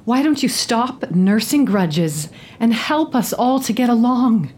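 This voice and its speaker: An actress playing a weary, exasperated young wife who lectures and scolds in a stage drama. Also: female voice, on the high side, lively intonation, slow, darkish tone. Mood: reproachful. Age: young adult.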